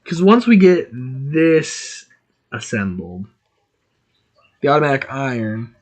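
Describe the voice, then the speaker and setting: Animated man chatting through a game stream. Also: medium pitch, slow. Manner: chatty, excitable, thinking aloud while playing. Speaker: gaming streamer.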